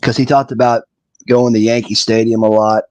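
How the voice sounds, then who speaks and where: A man's voice: medium pitch, little pitch movement, moderate pace, darkish tone, no room sound. A man joking around in a casual group draft chat. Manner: playful, jokey. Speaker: draft participant.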